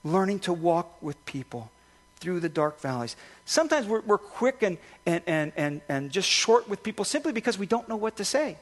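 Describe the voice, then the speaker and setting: A male pastor giving a conversational sermon, telling stories with lively restarts and asides. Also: sits high, moderate pace. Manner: conversational, animated storytelling with restarts. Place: church sanctuary.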